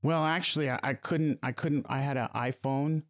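Middle-aged guy telling a story on a podcast, keeps restarting his sentences, average pitch. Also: fairly even intonation, heavy background noise. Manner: halting, restarts and repeats words. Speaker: podcast guest, host's stepfather. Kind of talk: casual storytelling.

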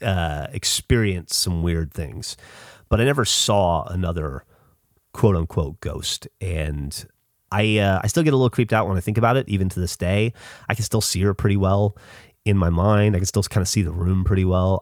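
The low voice of a middle-aged podcast host from the American South comes through a dry, clean studio recording. Telling a personal story, he talks in a casual, halting way, peppered with fillers, restarts and swear words.

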